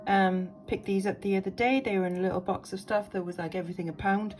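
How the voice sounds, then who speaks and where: A woman's voice: medium pitch, steady tone, fast, darkish tone, soft background music. A woman, chatting enthusiastically as she shows vintage jewellery in a casual vlog, thinking aloud with lots of ums. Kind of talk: casual show-and-tell vlog.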